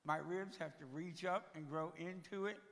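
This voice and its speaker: A Tennessee man in his 60s, guest speaking in a church sanctuary, gives a humorous testimony about his life with wry self-deprecation, his heavy breathing always audible. His voice is a little high and gravelly with a bright, forceful ring, delivered at a moderate pace in a steady tone, and the church hall's long reverb trails his words.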